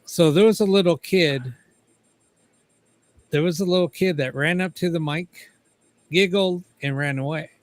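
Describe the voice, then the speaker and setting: A man's voice: fairly high pitch, measured pace, long pauses. A man, a paranormal investigator, casually telling a story as a guest, swearing freely and acting out the dialogue.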